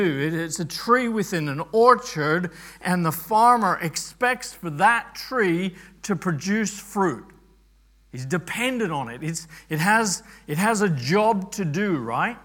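Male pastor, slightly high voice, earnest sermon delivery with frequent restarts. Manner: earnest, repeats words while thinking aloud; soft prayer voice, then builds to emphatic teaching.

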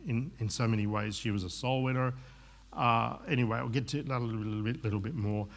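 A man's voice: mid-range voice, fairly bright tone. Earnest rambling male pastor preaching. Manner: earnest, rambling with asides and restarts. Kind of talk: sermon.

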